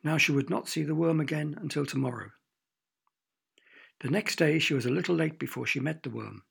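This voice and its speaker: A man narrating a children's storybook with expressive, playful sound effects. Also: a little high, brisk, gravelly, breathy edge.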